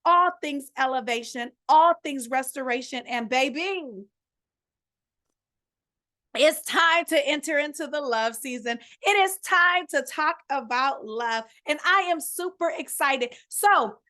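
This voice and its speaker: A middle-aged woman hosting her own podcast as a life and relationship coach, talking to listeners in an animated, preachy way with casual slang and asides. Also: high-pitched, measured pace, hardly any pauses. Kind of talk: energetic solo podcast coaching talk.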